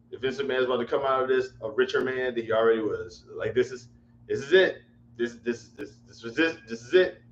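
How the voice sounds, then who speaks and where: A man hosting a casual livestream chat, rambling and repeating himself in exasperation. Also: mid-range voice. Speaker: livestream host. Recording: echoey room, dull lo-fi mic, faint hum.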